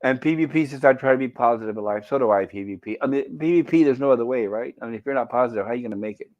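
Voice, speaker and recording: A man talks casually on a game stream, rambling from one aside to the next and often restarting his sentences. His voice sits at a middle pitch. It comes through a dull, lo-fi call. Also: rapid-fire, a little mellow. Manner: chatty, many restarts and asides. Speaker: chat-reading co-host on a game stream.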